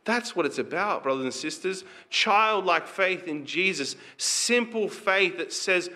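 Bright-voiced man preaching a sermon. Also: on the high side, sing-song, a little slow, few pauses. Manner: conversational preaching with rhetorical questions. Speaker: pastor.

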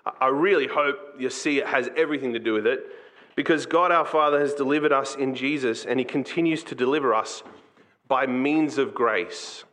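A man preaching a sermon as pastor, earnest and conversational, slipping into quick acted asides. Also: medium pitch, a bit bright.

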